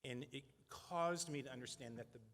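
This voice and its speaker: A man's voice: medium pitch, normal speed, fairly bright tone. Middle-aged man speaking in a reverberant hall. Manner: conversational and earnest, with frequent "right?" tag questions. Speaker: nonprofit leader addressing donors. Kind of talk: speech at a fundraising breakfast. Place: large event hall.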